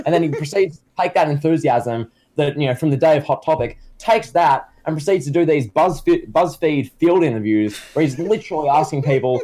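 A man co-hosting a casual comedy chat, talking in a rambling, halting way full of fillers. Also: on the high side, dark tone. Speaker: co-host.

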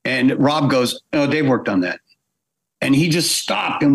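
Man spinning an animated anecdote. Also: mid-range voice, measured pace, gravelly, husky. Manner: animated storyteller acting out quoted voices. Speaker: guest animator. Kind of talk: storytelling in a podcast interview.

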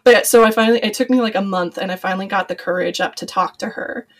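A woman in her thirties, a podcast guest, telling a personal story in casual chat with an animated, storytelling manner. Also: medium pitch, quick pace, slight background noise, poor audio. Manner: animated storyteller, quoting others in lively voices.

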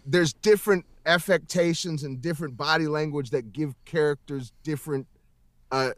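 A man's voice: on the high side, moderate pace, dry recording, studio quality. A man in a casual interview, talking emphatically and rambling with heavy swearing, over a video call. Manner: emphatic, profane, rambling with restarts. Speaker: voice actor guest.

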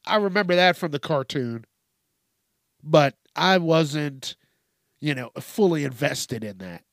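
A man with a slightly high voice rants on a solo podcast, unhurried and loose. He swears freely, rambles, and keeps jumping into mock quotes before laughing at his own jokes. The sound is close and dry, with no room around it. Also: animated, creaky, fairly bright tone, no room sound. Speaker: podcast host. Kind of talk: casual solo podcast rant.

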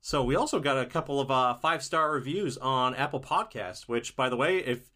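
A man's voice: medium pitch, a little fast, pushed and bright. Upbeat, laughing male podcast co-host. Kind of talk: casual chat.

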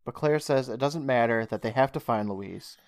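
In a casual podcast recap, a man at normal speed and mid-range pitch animatedly narrates a show's events and acts out lines from its characters. No echo; studio-quality recording.

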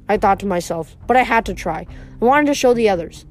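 A woman's voice: mid-range voice, expressive, brisk. A woman reading a novel aloud as an amateur audiobook, with frequent slips and restarts. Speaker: audiobook reader.

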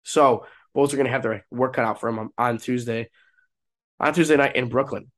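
A man's voice: medium pitch, brisk, a bit bright. A young man, stuffed up with a cold and a cough, talking alone on his sports podcast in a casual, rambling way that gets hyped at times. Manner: casual, restarts often, rises to hype. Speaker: podcast host. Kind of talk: solo sports podcast talk.

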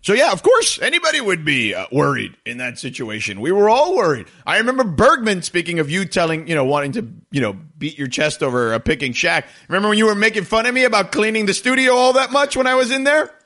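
A man hosting a sports talk radio show, rambling energetically and jumping up in pitch when excited. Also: quick pace, few pauses.

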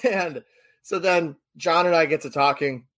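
A man with a slightly higher-than-usual voice tells a bar story on a podcast, animated and chatty. He keeps slipping into quick voices for the people he quotes, with a loose, casual delivery.

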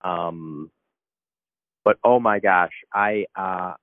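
A very deep-voiced man speaking over a thin, phone-like line that sounds dry and close. He is the podcast host, emotional and effusive as he reacts to what he hears. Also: very slow, no room sound.

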